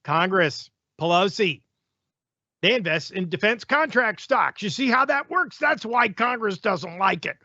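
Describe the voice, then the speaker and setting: A male host rants through the news in a high, sharp-edged voice, sarcastic and opinionated. The sound is dry and close, with a slightly muffled, lo-fi quality. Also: expressive, measured pace, no room sound. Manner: sarcastic, ranting. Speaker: talk show host.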